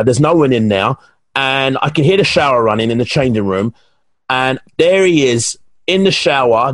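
An English professional bodybuilder, appearing as a guest on a casual podcast interview, tells stories animatedly and restarts his sentences often. His voice is medium-pitched and the recording has no echo.

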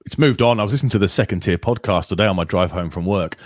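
A man's voice: deep voice, racing, dry recording, studio quality. A man with an English accent co-hosting a casual football podcast, chatty and full of stats. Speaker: podcast co-host.

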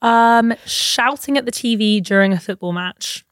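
A young woman, a podcast guest, telling stories in an animated, giggly way. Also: a little high, a little slow, no echo. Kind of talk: casual chat.

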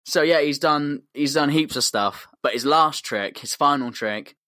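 A man's voice: a little high, measured pace, sharp tone, no echo, clean studio sound. A man co-hosting a podcast, telling a comic story in a rambling, slangy, sweary way. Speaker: podcast co-host.

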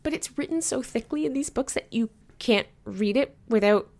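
A woman's voice: on the high side, moderate pace, creaky. Chatty woman discussing a book. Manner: chatty and animated, laughs often, many "like" fillers. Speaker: book podcast co-host.

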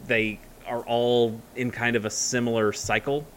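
A man's voice: mid-range voice, flat delivery, measured pace, a bit bright, a little hiss or hum. A man chatting casually as a co-host, rambling with many fillers and restarts. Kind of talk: casual chat.

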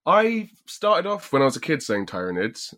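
A man's voice: high voice, sing-song, moderate pace, sharp tone. A man co-hosting a podcast, joking around and explaining things at length in casual chat. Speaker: podcast co-host.

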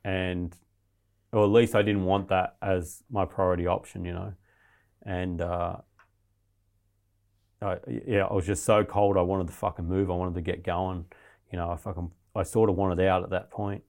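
A man's voice: low voice, flat delivery, normal speed, a little mellow. A man, a guest in an interview, telling a story in a blunt, rambling way with heavy swearing.

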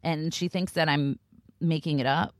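A woman's voice: low voice, fairly even intonation, moderate pace, dry recording. Dry, sarcastic woman podcaster. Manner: sarcastic, complaining, mimics others. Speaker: podcast co-host. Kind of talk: casual chat.

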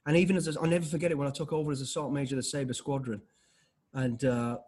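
Husky, quick-talking man in his fifties; blunt interview guest who acts out the voices in his stories. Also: mid-range voice. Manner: blunt, animated, lots of restarts and acted-out dialogue. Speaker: interview guest, former special forces soldier. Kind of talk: casual conversational storytelling.

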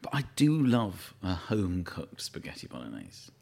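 A man, a guest in casual chat, telling stories in an animated way. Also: deep voice, normal speed, gravelly. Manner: animated storytelling.

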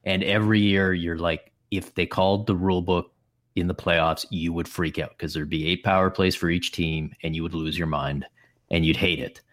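Deep-voiced man musing over sports. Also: steady tone, moderate pace, a bit bright. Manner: musing, thinks aloud with many restarts. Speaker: podcast co-host. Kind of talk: casual sports chat.

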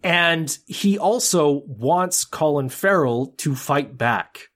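Guy on a movie podcast breaking down a film, lots of cursing, bit higher-pitched. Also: takes it slowly. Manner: animated, swearing, acts out film scenes in quotes. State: married. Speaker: podcast co-host. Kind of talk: casual film discussion.

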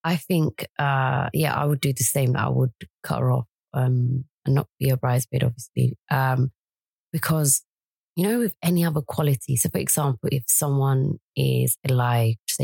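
A woman co-hosting a casual late-night chat, agreeable and reflective, backing up her friend with quick interjections. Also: a bass voice, fairly even intonation, gravelly, darkish tone, slightly rough, no echo. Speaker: podcast co-host.

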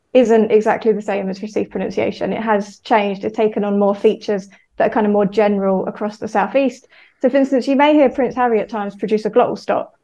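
Mellow-voiced woman linguistics lecturer. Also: fairly high pitch, muffled recording. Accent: South East English. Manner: explanatory, hedging with fillers. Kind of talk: expert radio interview.

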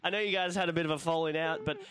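A man's voice: on the high side, fairly even intonation, rapid-fire, background noise. A man hosting a comedy podcast, playing a mock-formal interviewer and giggling often. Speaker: host.

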